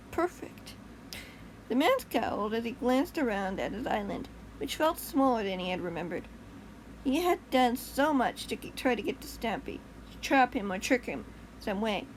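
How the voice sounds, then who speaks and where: A woman's voice: a little high, slight background noise, poor audio. A woman casually reading her own short story aloud, chatty, fixing slips as she goes and laughing at her asides.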